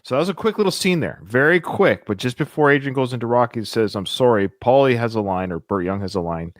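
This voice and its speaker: A man's voice: mid-range voice, lively intonation, fast talker, no echo, clean studio sound. Chatty man hosting a film podcast. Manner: chatty, thinks aloud with restarts. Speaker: podcast host. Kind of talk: casual podcast discussion.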